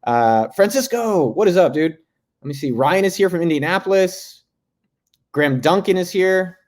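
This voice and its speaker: A man's voice: high voice, animated, normal speed, a little mellow. A man hosting a casual live stream from home, joking loosely and greeting viewers by name. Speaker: host. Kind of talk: casual livestream chat.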